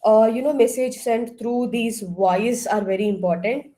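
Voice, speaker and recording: A woman leading an online counseling workshop, asking the group questions and now and then clearing her throat. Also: fairly high pitch, moderate pace, warm tone. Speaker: workshop trainer. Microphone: laptop far across the room.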